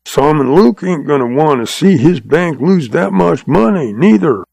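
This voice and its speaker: A man voicing a shrewd, calm old cowboy with a drawl, patient and amused. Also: a little high, measured pace, gravelly, slightly rough, no echo, voice pushed up, full character voice. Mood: sly calm. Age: older.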